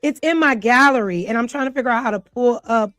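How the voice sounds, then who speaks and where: A woman hosts a casual livestream, chatting to her live audience in a flustered way and laughing often. Her voice is a little high and a bit bright, and she talks fast. The recording is dry.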